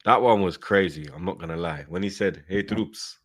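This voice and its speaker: On a relaxed fan stream, a young man with a low voice talks at a moderate pace, reading chat aloud and telling stories. His delivery is animated, packed with slang, laughter, and voice impressions.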